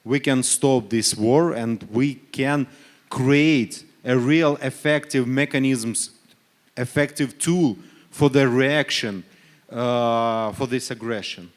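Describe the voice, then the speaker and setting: A man from Ukraine, speaking on a forum panel in halting English, full of fillers and self-corrections, pressing his case with earnest rhetorical questions. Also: mid-range voice. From Donetsk region, Ukraine. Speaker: panelist, human rights official. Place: conference panel stage.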